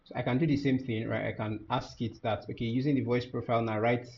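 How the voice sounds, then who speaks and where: A man teaching a software tutorial over a screen share, thinking aloud with many fillers and restarts. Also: medium pitch, fairly even intonation, fast talker, muffled recording, a little hiss or hum. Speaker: course instructor.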